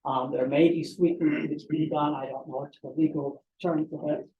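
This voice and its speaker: A man's voice: a little high, steady tone, brisk. Rambling man at a public hearing. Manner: rambling, restarts. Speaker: resident speaking at public hearing. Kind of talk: public comment. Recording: echoey, dull-sounding room.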